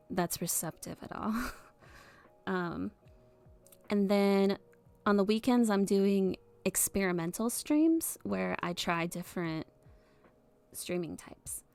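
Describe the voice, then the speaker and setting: A woman's voice: lowish voice, vocal fry. Giggly, hesitant woman streamer. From US Midwest. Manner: soft, hesitant, many fillers and giggles. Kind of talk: casual live-stream chat.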